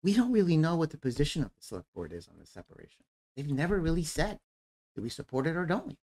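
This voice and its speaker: A man's voice: on the high side, sing-song, quick pace, a little mellow. A man giving blunt, critical public comment at a town forum over a video call, repeating his points. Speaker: resident commenter.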